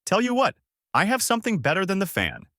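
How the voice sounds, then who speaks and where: A man's voice: high voice, huge pitch swings, fast, sharp tone, dry recording, clean studio sound, pitched above the performer's own voice, heavily acted. A man voicing a lecherous, playful old male martial arts master with a drawling, hesitant delivery.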